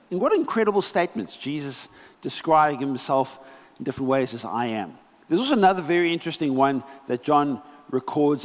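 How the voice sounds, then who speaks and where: A man preaching a sermon as pastor, telling scripture stories with animated, dramatic delivery and pauses. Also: mid-range voice, big-room sound. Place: church hall.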